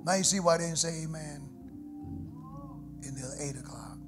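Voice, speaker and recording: A middle-aged man preaching from the pulpit, his voice a touch high for a man. He swings from hushed, prayerful murmurs to ringing shouts. Organ music plays clearly under him in a live church recording. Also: normal speed. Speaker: pastor. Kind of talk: sermon. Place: church sanctuary. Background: musical instruments.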